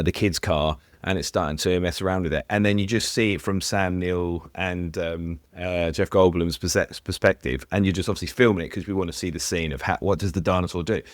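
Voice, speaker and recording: A man's voice: low voice, dry recording, clean studio sound. A man co-hosting a podcast, chatting casually and flippantly, laughing often. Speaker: podcast co-host. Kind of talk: casual chat.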